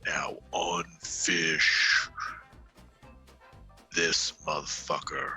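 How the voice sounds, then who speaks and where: A man's voice: deep voice, normal speed, sharp tone, faint music behind. A man voicing a surly, rude human adventurer in a tabletop game, brushing others off with crude insults. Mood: dismissive. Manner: dismissive and crude.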